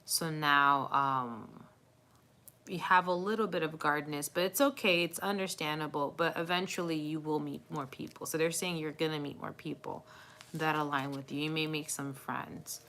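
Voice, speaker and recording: A woman's voice: low-pitched, fairly even intonation, normal speed, bright, forceful tone. A woman doing a live tarot reading, talking in a chatty, reassuring way with many fillers and frequent laughs. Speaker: tarot reader.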